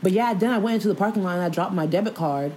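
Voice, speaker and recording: A young woman hosting a casual podcast, telling animated, profane stories and laughing through them. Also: medium pitch, very fast, a loud crowd. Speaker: podcast host. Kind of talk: casual storytelling chat.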